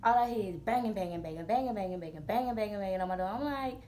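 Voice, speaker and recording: A woman in her twenties, a vlogger telling a storytime in a blunt, profane, animated way full of slang. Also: medium pitch, fast, hardly any pauses. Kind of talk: storytime vlog.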